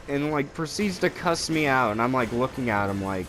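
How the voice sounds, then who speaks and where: A man's voice: mid-range voice, moderate pace, faint music behind. A young man casually telling stories while playing a video game, swearing a lot and rambling. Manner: profane, rambling, animated storytelling with raised voices for quotes. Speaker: co-host of a gaming video. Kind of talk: casual storytelling while gaming.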